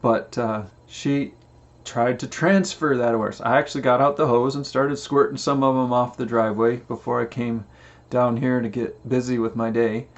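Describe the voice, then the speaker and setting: A man's voice: medium pitch, steady tone, moderate pace. Man telling a heartfelt storytelling talk. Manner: storytelling, acts out quoted voices. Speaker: Christian family coach. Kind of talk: casual inspirational talk. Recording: slightly dull lo-fi recording.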